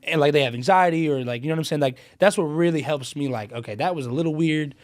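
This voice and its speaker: A man guesting on a podcast, talking in relaxed, slangy casual chat with lots of fillers. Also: on the high side, quick pace, no room sound, studio quality. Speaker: guest comedian.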